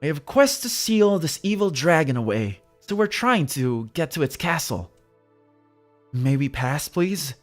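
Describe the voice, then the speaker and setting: A man's voice: fairly high pitch, big pitch swings, unhurried, faint music behind. A man voicing a nervous, earnest young man in a game, speaking a little formally. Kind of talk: reading a game's dialogue aloud.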